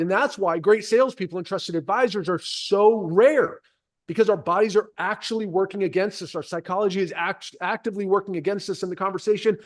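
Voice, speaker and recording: Emphatic high-voiced male sales coach. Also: a little fast. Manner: energetic, emphatic, direct address. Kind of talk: coaching session.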